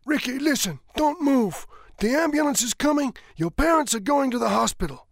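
A man's voice: expressive, moderate pace, gravelly, no room sound, studio quality, heavily acted. Man doing a reassuring teenage boy. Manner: raised pitch, reassuring.

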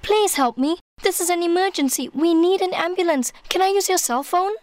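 Man voicing a teenage girl, urgent, high falsetto, loud. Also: fairly quick, no echo, studio quality. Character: urgent teenage girl Trish calling for help.

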